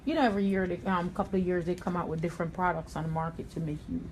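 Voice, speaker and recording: A woman's voice: lowish voice, steady tone, very fast, darkish tone, a little hiss or hum. Blunt New York woman hairstylist. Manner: blunt, confident, streetwise, with Southern-tinged slang. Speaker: hairstylist and salon owner. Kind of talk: livestream haircut tutorial.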